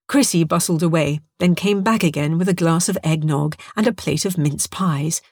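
Female narrator for a humorous audiobook; wry, steady read, dry close sound. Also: low-pitched, moderate pace, hardly any pauses, dry recording. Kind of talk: scripted narration of a story.

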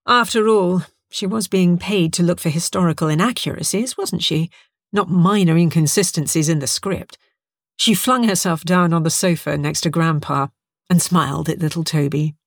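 A woman narrating a humorous story in a wry, even storytelling manner. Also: fairly low pitch, moderate pace, no echo, studio quality.

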